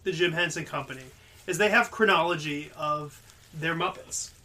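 High-voiced man explaining trivia. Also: normal speed, pushed and bright. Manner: explains trivia, teasing and upbeat. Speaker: podcast co-host presenting picks. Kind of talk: casual comedic chat.

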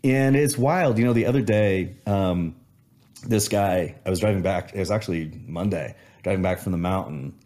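A man's voice: sits low, moderate pace, darkish tone. A man in casual conversation, reflecting on gratitude and telling a story with many restarts.

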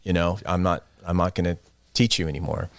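A man's voice: sits low, fairly even intonation, brisk, creaky, no echo, studio quality. A middle-aged man, a guest musician, telling rambling, self-deprecating stories in a casual interview and laughing often.

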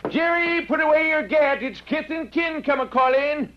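A cranky old country uncle who talks in a blunt, folksy drawl. His voice sits very high and reedy for a man. The sound is dull and muffled like a vintage radio broadcast. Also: normal speed, slight background noise. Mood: gruff eager. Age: older. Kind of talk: 1940s radio acting.

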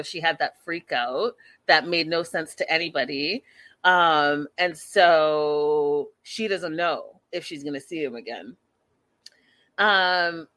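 A woman's voice: lowish voice, dry recording. Gossipy woman recapping to viewers. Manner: gossipy, animated, laughs often, addresses viewers. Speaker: reality TV recap host. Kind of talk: casual chatty recap.

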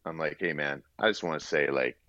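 A man's voice: extremely low pitch, brisk, pushed and bright, no echo, lo-fi sound. A middle-aged man, a former player turned broadcaster, telling a rambling anecdote in an interview and acting out the quotes. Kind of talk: casual storytelling in an interview.

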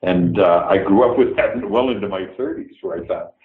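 A man's voice: low voice, moderate pace, reverberant, narrow, tinny audio, soft background music. An older man from Canada with a Canadian accent, a guest telling candid, profane stories and acting out the dialogue. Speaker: guest actor. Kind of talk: casual interview storytelling.

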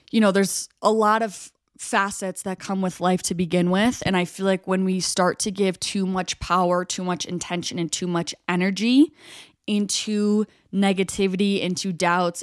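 A woman's voice: on the low side, clear, resonant tone, dry recording. A young woman hosting a solo podcast, talking earnestly and reflectively with many "like" fillers, close to the mic. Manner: earnest, heavy use of "like" fillers. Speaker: podcast host.

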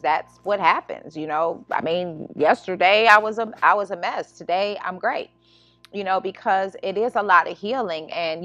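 A woman's voice: mid-range voice, fairly bright tone, no room sound. A woman hosting her own self-help podcast as a life coach, talking in a casual, earnest way with many restarts and "you know what I'm saying". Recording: slightly dull lo-fi sound.

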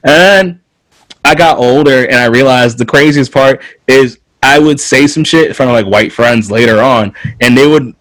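A young man from North Carolina telling stories in casual chat, animated, laughing often and swearing freely. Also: mid-range voice, normal speed, no room sound, rough recording.

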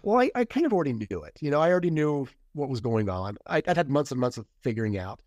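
Middle-aged man, podcast guest, candid storytelling, mid-pitched voice, dry close sound. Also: very animated, fast talker, a little mellow, no echo. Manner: candid, acts out quoted dialogue. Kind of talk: casual interview storytelling.

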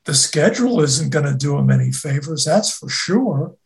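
A college football co-host talking in a deliberate, halting way, often repeating words as they start. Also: mid-range voice, expressive, vocal fry. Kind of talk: casual sports talk.

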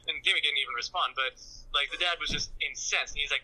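A man's voice: fairly high pitch, fairly even intonation, fast talker, bright, forceful tone, low-quality recording. A man telling a long joke as a caller, rambling with fillers. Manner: rambling storyteller.

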